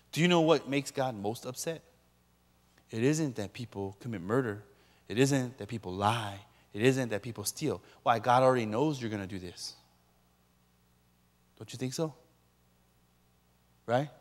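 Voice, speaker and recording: A man's voice: mid-range voice, a bit bright, big-room sound. A man preaching a sermon as a pastor, emphatically questioning his listeners and repeating key points.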